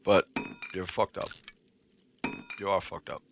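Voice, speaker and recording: A man's voice: sits low, little pitch movement, takes it slowly, gravelly, over music. A man livestreaming a game, chatting casually to his viewers in a profane, rambling way. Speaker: livestreaming gamer. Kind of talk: casual chat while playing a game.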